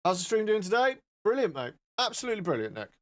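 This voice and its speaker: A man's voice: sits high, big pitch swings, fast talker. A man chatting casually and joking as he shows off filters on his live stream, with some swearing.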